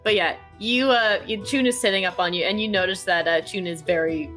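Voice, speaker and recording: A woman's voice: medium pitch, brisk, a bit bright, soft background music. A woman running a tabletop game as game master, chatty with laughing asides. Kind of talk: casual tabletop game narration.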